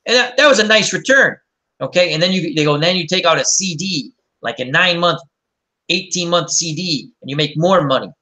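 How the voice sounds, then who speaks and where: A man's voice: a little high, animated, brisk, pushed and bright. A man hosting a casual chat and telling rambling, anecdotal stories. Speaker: host.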